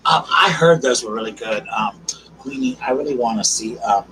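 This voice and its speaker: A man hosting a casual live stream, chatting warmly with viewers and calling them girl, darling and honey. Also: mid-range voice, moderate pace. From South Carolina. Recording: distant mic with noticeable background noise.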